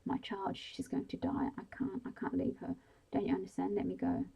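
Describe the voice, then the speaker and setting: A woman in a whispered role-play, voicing a panicking young mother desperate to save her trapped child, in a soft breathy voice. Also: fairly low pitch, huge pitch swings, moderate pace, muffled recording, exaggerated voice. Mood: frantic.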